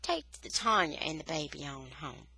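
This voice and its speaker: A woman reading aloud, voicing a weary, gentle father who speaks in a soft, low, measured way. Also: animated, husky, no echo, exaggerated voice. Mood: quiet, weary.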